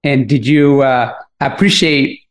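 A man co-hosting an interview, asking long, halting questions. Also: medium pitch. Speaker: co-host.

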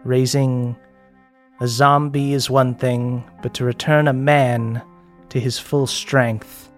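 A scheming, ageless sorceress talks in a silky, persuasive way, as a man puts her on. The voice stays at an ordinary mid pitch. Faint music is heard behind her. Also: flat delivery, slow pace, close to an everyday voice. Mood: calm.

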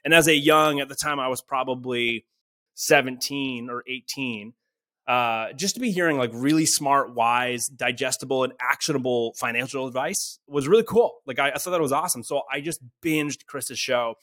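A young man from small-town Canada tells his story as a podcast guest, with lively energy and casual fillers. His middle-pitched voice sounds close and dry, with no room around it. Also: moderate pace, no room sound. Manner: lively, acts out quoted dialogue, casual fillers. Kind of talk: animated storytelling in conversation.

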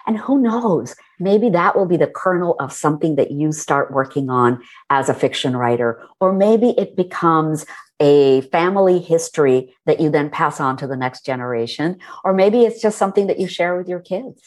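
Woman telling stories, low-pitched. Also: normal speed. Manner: warm, storytelling, animated when recalling moments. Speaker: author and guest. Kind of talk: conversational interview.

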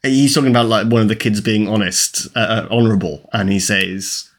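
A man's voice: on the low side, fairly even intonation, a little fast. A man co-hosting a casual film-review podcast, chatting in an easygoing, agreeable way. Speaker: podcast co-host.

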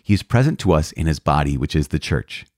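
A man's voice: extremely low pitch, expressive, brisk, a little mellow, dry recording, studio quality. A man, a priest, teaching from the catechism in an earnest, emphatic way, often restarting and correcting himself.

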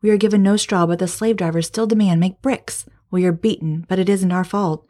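Woman reading desperate begging foremen, low, mellow. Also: fairly even intonation, fairly quick, close to an everyday voice. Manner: begging, accusing. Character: desperate beaten male work foremen.

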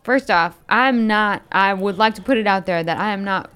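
A woman's voice: mid-range voice, normal speed, fairly bright tone, clean tone. A woman playing a tabletop game, chatty and joking with lots of "like". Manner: chatty, joking, filler-heavy. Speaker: player. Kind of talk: casual tabletop chat.

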